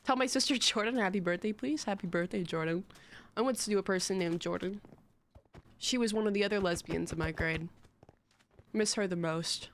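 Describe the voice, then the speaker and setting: A woman's voice: mid-range voice, normal speed. A young woman streaming live, chatting in a rambling, giggly, self-mocking way to her chat.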